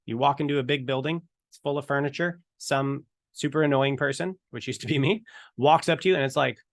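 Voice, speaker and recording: A man's voice: medium pitch, a little fast, dry recording. Casting: man, evangelism trainer, conversational storytelling, dry close sound. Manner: storytelling, chatty, animated retelling. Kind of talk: casual teaching talk to camera.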